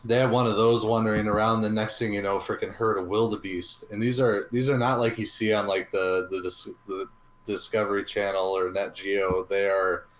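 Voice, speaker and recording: A man's voice: on the low side, flat delivery, moderate pace. A man co-hosting a podcast, chatting casually in a rambling, easygoing way with many ums. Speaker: podcast co-host. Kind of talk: casual chat reviewing a restaurant. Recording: roomy echo.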